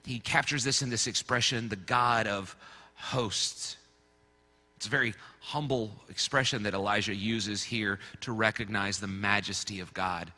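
A male pastor delivers a sermon in an easy, conversational way, sliding in playful asides. His voice is strikingly bright, and it rings out with a long reverb, as if filling a large church. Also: fairly low pitch, steady tone, a little slow. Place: church sanctuary.

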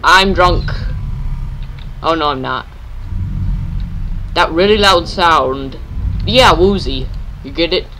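A man's voice: a little high, takes it slowly, pauses often, bright, forceful tone, slight background noise. A man giving jumpy, nervous commentary while playing a horror game, yelping at scares and chattering to himself. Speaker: let's play gamer.

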